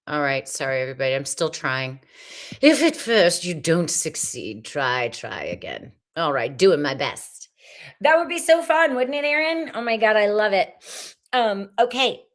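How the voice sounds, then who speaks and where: A woman hosting a live tarot reading stream, chatting casually and effusively with viewers as she pulls cards. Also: on the high side.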